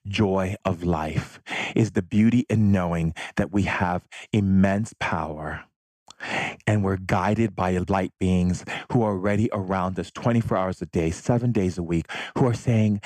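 Low-voiced guy gushing spiritual talk on his podcast, dry close sound, soft music under it. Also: no room sound. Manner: effusive, affectionate, drawn-out. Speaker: podcast host. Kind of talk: inspirational spiritual monologue.

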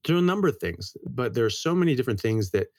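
A man's voice: medium pitch, racing, no echo. A middle-aged man speaking as a doctor in a casual interview, telling stories at speed and often repeating words as he restarts his phrases. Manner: lively storyteller. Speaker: guest, medical doctor.

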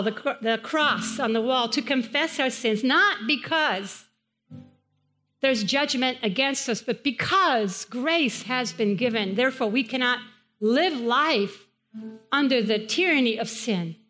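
A woman with a Spanish accent preaches a sermon in a chapel. Her voice sits a little high, and she drives each point home by repeating phrases with emphasis. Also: sharp tone. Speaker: pastor. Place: church chapel.

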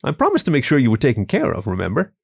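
A man voicing a tall, caring male wolf in a story reading, quiet and reassuring. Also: medium pitch, huge pitch swings, racing, creaky, breathy edge, heavily acted. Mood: fond.

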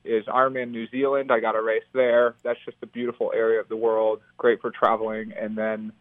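A man's voice: on the low side, flat delivery, brisk, dry recording. An upbeat young man from the United States, a professional triathlete, answers interview questions over the phone. His voice comes through thin and tinny, as if over a phone line, and it sounds dry, with no room around it. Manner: upbeat, laughs easily.

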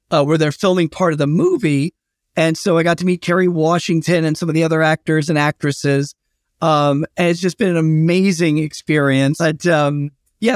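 Man, historian guest, higher-pitched, chatty anecdotal delivery, dry close sound. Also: dry recording. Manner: anecdotal, chatty with fillers and restarts. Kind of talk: casual storytelling interview.

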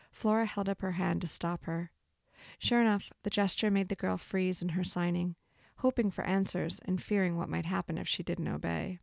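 A woman narrating a novel in a measured, expressive storytelling voice. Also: lowish voice, vocal fry, no echo, studio quality. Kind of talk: audiobook narration.

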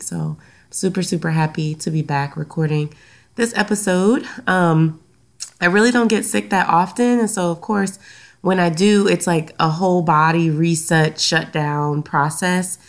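A woman with a Southern US accent talks through her solo podcast in a relaxed, chatty way, her voice sitting a little low. She sounds slightly stuffy from a recent sinus infection and fills pauses with frequent "um"s. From Louisiana, US. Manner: chatty, many "um" fillers. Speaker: podcast host and counselor. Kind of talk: casual solo podcast talk.

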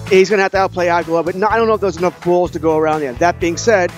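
Fast-talking man weighing draft picks. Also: high-pitched, steady tone, faint music behind. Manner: thinking aloud, hedging, restarts. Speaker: fantasy football co-host. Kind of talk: casual sports chat.

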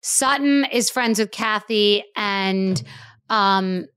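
A woman hosting a podcast, chatting casually about reality TV in a blunt, animated way and swearing freely. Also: mid-range voice, slow pace, smooth, no room sound. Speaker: podcast host. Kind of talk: casual chat.

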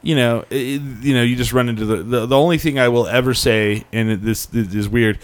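A man's voice: mid-range voice, fairly even intonation, a little fast. A man hosting a live web show, chatting casually and telling rambling stories with lots of restarts. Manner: rambling storyteller, frequent restarts. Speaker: podcast host. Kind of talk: casual chat.

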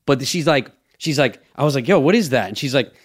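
A man's voice: mid-range voice, lively intonation, a little fast. A young man hosting a podcast, telling a rambling, profane story in casual chat. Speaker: podcast host.

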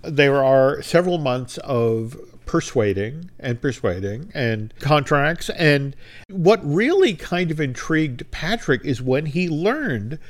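A man's voice: on the high side, big pitch swings, takes it slowly. A man co-hosting a podcast, casually retelling a behind-the-scenes anecdote and briefly acting out the quoted lines. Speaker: podcast co-host. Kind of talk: casual storytelling chat.

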